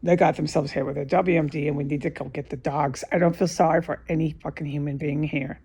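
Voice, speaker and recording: Alone in a room, a woman vlogger gives testimony to camera in an unscripted, agitated and profane monologue, repeating herself and restarting often. Her voice sits low and dark with a breathy edge, fast and fairly even in intonation.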